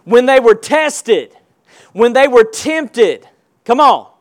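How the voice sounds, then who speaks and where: A man preaching a sermon, calling on the congregation to answer back and stressing points with slow, emphatic delivery. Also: very high-pitched, lively intonation. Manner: call-and-response preaching, rising to emphatic shouts.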